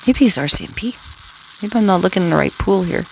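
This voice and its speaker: A scanner livestreamer rambles crudely to her listeners in a casual monologue, taunting them and tacking questions onto the ends of her sentences. Her voice is on the low side, expressive and gravelly, and she talks quickly over a noisy background.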